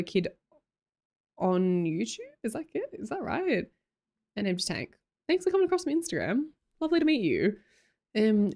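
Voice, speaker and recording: Aussie girl streaming, chatty and giggly, pitch jumping around a lot. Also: a little mellow. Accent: Australian. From Australia. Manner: bubbly, greets chatters, frequent laughs. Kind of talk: casual live-stream chat, reading chat aloud.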